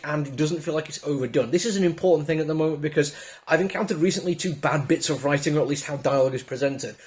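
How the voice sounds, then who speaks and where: A man's voice: fairly high pitch, a little mellow. A man with a southern English accent giving a casual, enthusiastic comic book review full of chatty asides. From Britain.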